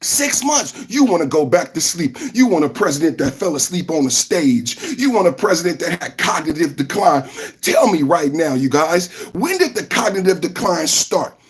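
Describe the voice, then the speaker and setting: Guy w running a live podcast, kinda high voice, shouty n repetitive talking to chat. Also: big pitch swings, moderate pace, husky. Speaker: podcast host. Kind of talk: livestream reaction commentary.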